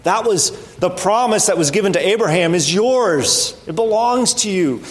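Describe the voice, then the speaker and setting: Earnest preaching man, slightly high voice. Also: lively intonation, normal speed. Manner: earnest, emphatic, with rising stresses and quiet drops; conversational with fillers and restarts. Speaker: pastor. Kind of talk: sermon.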